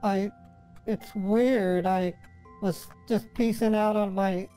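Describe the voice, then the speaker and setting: A man's voice: sits high, steady tone, takes it slowly, dark tone. A fragile, sweet-talking woman, put on by a man with a slightly raised voice. She rambles on about her troubles and breaks down into sobbing. Music plays faintly behind her. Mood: chatty, sweet. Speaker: scambaiter.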